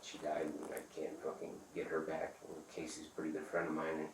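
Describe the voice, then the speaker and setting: A man telling a rambling, profane story in casual talk, acting out the other people's lines loudly. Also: rumbling low, completely flat delivery, brisk. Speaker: interviewee. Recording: echoey room, far from the mic, faint noise.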